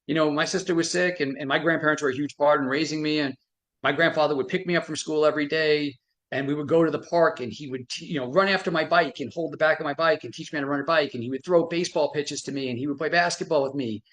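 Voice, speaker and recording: On a live stream, a middle-aged frequency medicine expert delivers a motivational talk in a fairly bright, steady voice on the high side. He talks fast, telling animated stories with many restarts.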